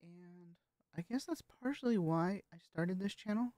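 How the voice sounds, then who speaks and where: A woman vlogger talking casually about her voice training, hesitant and halting, with frequent swearing. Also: on the low side, animated, warm tone, dry recording, studio quality. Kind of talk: casual vlog commentary.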